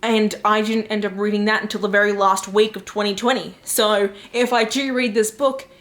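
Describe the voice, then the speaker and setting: A woman talking casually to camera as a book vlogger, chatty and excitable, filling her talk with fillers. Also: medium pitch, normal speed. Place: home in New York.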